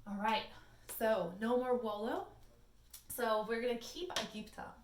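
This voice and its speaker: A young adult woman teaching a Latin lesson in a chatty, animated way, with sing-song recaps. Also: on the high side, measured pace, slight background noise. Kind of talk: classroom video lesson. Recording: echoey room, mic at a distance.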